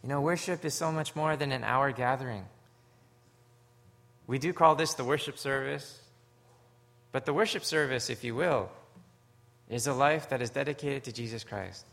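A man from Canada preaching a sermon, earnest and story-driven, swinging from hushed, low moments to loud, emphatic ones. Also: normal speed, vocal fry, pauses often. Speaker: pastor.

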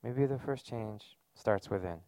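Man preaching with a gravelly edge. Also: lowish voice, unhurried, mellow, dry recording. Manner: conversational, earnest preaching with casual fillers. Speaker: pastor. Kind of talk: sermon.

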